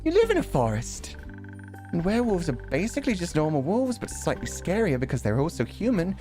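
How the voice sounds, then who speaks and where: A man's voice: a little high, wildly swooping pitch, fairly quick, warm tone, soft background music, pitched above the performer's own voice. A man voicing an eager young elf adventurer in a fantasy game who rambles and stammers nervously. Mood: excited rambling. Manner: hesitant, stammering, talks itself in circles.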